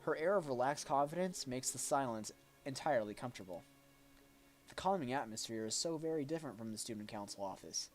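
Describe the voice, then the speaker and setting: A man reading a game's narration aloud on a stream, at an ordinary middle pitch. He stumbles and restarts now and then as he goes. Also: quick pace, soft background music. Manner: reads aloud with small slips, jokes with a friend. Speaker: streamer reading a visual novel.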